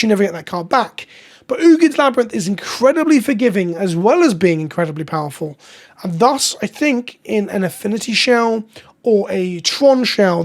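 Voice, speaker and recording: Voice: medium pitch, a little mellow. Blunt, profane card game commentator. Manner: blunt and profane, with frequent stumbles and restarts. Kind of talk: casual spoken card review.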